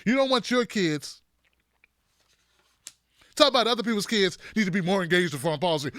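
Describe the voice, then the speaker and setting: A man hosting an online political commentary show, animated and mocking as he runs down debate performances. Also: high-pitched, brisk, dry recording, clean studio sound.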